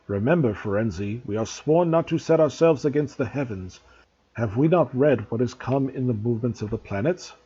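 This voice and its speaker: A man's voice: mid-range voice, lively intonation, moderate pace, dark tone, husky. A man voicing a proud, angry male centaur with a scornful, growling manner, on a dull lo-fi recording.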